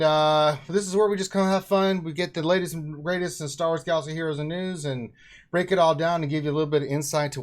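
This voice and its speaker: Man, higher-pitched, upbeat stream host, jokey intros. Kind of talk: casual livestream chat.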